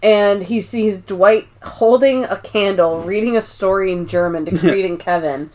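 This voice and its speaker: A woman's voice: mid-range voice, measured pace, darkish tone. A young woman co-hosting a podcast, recapping episodes in casual, chatty talk full of "like" and "um", with the odd swear. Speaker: podcast co-host.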